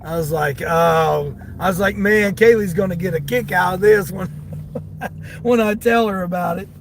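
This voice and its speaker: A man's voice: high voice, unhurried, vocal fry, a little hiss or hum. A middle-aged man, a delivery driver, telling a story to his viewers from his car, laughing often and talking to them by name. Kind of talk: casual storytelling while driving.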